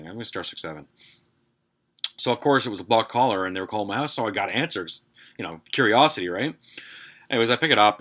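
A man's voice: fairly low pitch, bright, forceful tone. A man hosting a podcast, telling a story in a rambling, profane way with lots of fillers. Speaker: podcast host. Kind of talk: casual storytelling.

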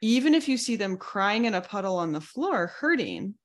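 A woman's voice: mid-range voice, very animated, normal speed. A woman coach talking through a podcast lesson step by step, reassuring and now and then acting out quoted voices. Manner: reassuring, explains in steps, acts out quoted voices. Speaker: betrayal recovery coach. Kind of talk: podcast teaching talk.

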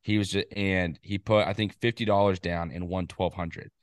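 A man co-hosting a casual football podcast, rambling excitedly with quick asides. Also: low voice, clean tone, no room sound, clean studio sound. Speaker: podcast co-host. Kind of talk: casual sports chat.

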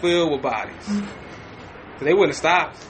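Podcast host, male, high bright voice, animated profane storyteller, restarts often. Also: a little slow, slight background noise. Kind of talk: casual storytelling.

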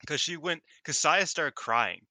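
A man co-hosting a podcast, excitable in casual chat, quick to laugh and to swear. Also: fairly high pitch, no room sound, studio quality. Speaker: podcast co-host.

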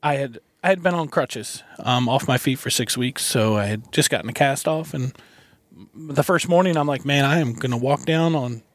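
A male guest in a van telling a story in a halting, casual way, chuckling now and then. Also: medium pitch. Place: inside a parked van.

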